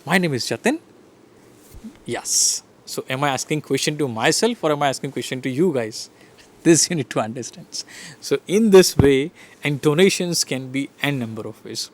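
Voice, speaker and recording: A man's voice: mid-range voice, normal speed. A man with an Indian English accent giving a classroom lecture on English intonation, demonstrating rhythms and often checking in with listeners. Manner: animated, demonstrates rhythm and intonation with repeated examples; asks listeners frequent "right?" checks. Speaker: English teacher.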